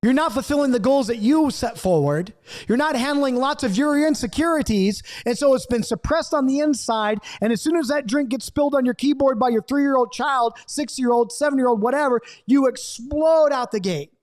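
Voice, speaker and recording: A man with a fairly high voice gives an impassioned Bible study to camera. He swings from loud acted-out outbursts down to quiet, earnest asides. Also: normal speed. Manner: acts out quoted outbursts, swings between loud and hushed. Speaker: Bible teacher.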